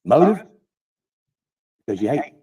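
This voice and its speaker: A man's voice: medium pitch, very animated, unhurried, warm tone, recorded from a distance. An angry man ranting profanely in defense of himself on a livestream. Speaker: online streamer defending himself.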